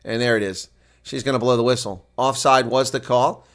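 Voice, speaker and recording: Excitable male rugby play-by-play commentator. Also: moderate pace. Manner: excitable, bursts loud and high on big plays. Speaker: live reaction rugby commentator.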